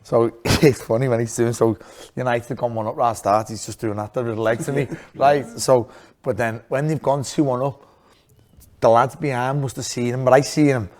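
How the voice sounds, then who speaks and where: A man's voice: mid-range voice, fairly even intonation, normal speed, darkish tone. A man co-hosting a podcast, laughing as he tells a story. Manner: laughs through his own stories. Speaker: podcast co-host. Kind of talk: casual storytelling chat.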